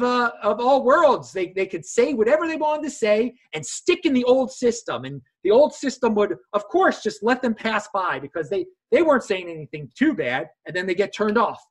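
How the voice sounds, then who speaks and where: A man hosting a casual chat, talking in an animated way and mocking others in a high voice. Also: slightly rough. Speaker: host.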